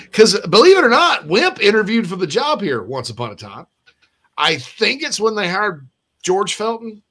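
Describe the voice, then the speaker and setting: A man hosting a sports podcast, chatting casually in a rambling, animated way with frequent restarts. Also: high-pitched, moderate pace.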